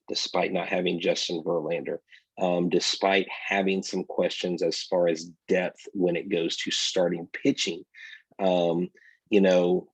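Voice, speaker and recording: A man's voice: low-pitched, vocal fry, slightly rough, no room sound, low-quality recording. A man co-hosting a casual sports podcast, talking energetically and straight to his listeners. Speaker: podcast co-host.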